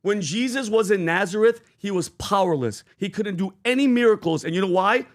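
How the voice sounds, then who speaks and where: A man co-hosting a podcast, talking casually and slipping into animated, preachy storytelling. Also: high voice, fairly quick. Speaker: podcast co-host.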